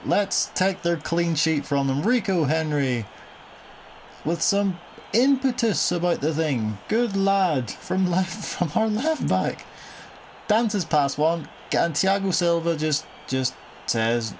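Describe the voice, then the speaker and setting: A man's voice: on the high side, expressive, slow pace, slight background noise, rough recording. A young man casually commentating a football video game, wry and exasperated, cursing at his team's misfortunes. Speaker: gaming commentator.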